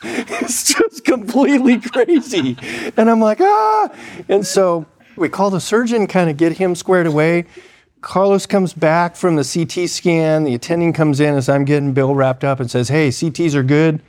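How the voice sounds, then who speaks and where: A man's voice: a little high, steady tone, moderate pace, a little mellow. Man telling an ER story casually. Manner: conversational, acts out quoted dialogue, frequent fillers. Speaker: emergency medicine clinician telling a story.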